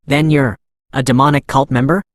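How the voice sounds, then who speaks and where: A man's voice: medium pitch, steady tone, moderate pace, no echo, lightly acted. A man narrating a haughty young prince from a storybook-style recap, spoiled and cruel. He rants and sneers at the people around him in a mid-range voice. The sound is dry and close. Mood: enraged. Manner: ranting, then begging. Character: arrogant young male prince, cruel, panicky.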